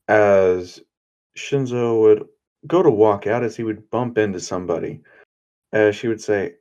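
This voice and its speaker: A man's voice: on the low side, fairly even intonation, measured pace, darkish tone, highs cut off. A man narrating an improvised fan story in a loose, casual way, swearing now and then.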